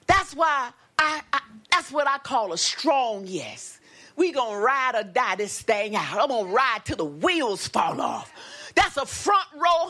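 A woman preacher delivering a sermon with lively call-and-response exclamations and a Black lilt. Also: high voice.

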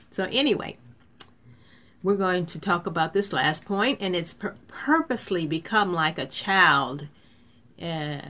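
A woman's voice: deep voice, fairly bright tone. A woman preaching a sermon in a conversational way, with restarts and sudden emphatic lifts.

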